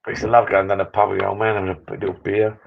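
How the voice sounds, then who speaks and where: A man's voice: on the low side, flat delivery, very fast, creaky, dull audio. An older man hosting a live stream from his backyard bar, chatting in a rambling, sentimental way. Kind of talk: casual chat. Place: backyard garden bar shed.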